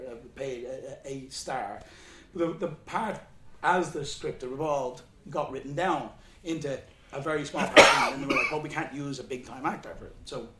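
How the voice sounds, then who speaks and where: A man's voice: medium pitch, bright, forceful tone, slight background noise. A man speaking at a question-and-answer session, telling stories casually, swearing freely and laughing as he talks. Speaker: guest speaker on animation. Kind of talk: anecdotal Q&A talk. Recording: roomy hall with faint ambience.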